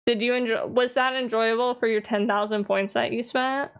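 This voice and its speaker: A woman's voice: fairly high pitch, steady tone, normal speed, clean tone. Chatty, teasing woman streamer. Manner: chatty and teasing, answers chat, laughs often. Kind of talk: casual live-stream chat.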